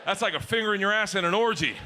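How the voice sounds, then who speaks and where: A middle-aged man telling profane stand-up stories, breaking into shouts. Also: sits high, very fast, background noise. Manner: rowdy, profane storytelling with shouted bursts. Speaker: stand-up comedian. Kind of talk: stand-up comedy routine. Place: stage before a live audience.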